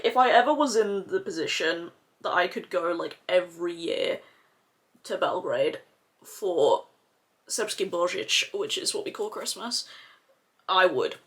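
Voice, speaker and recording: A woman's voice: fairly low pitch, a bit bright. A woman chatting casually while doing her makeup, swearing freely and filling her talk with "like". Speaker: makeup vlogger.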